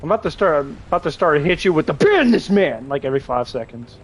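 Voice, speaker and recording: Young guy streaming a game, kinda high voice, crude jokes, rambly chat with viewers. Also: sing-song, quick pace, breathy edge. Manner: crude, joking, chats with viewers while playing; rambling with frequent restarts and laughter. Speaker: livestreamer. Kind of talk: casual gaming livestream chat.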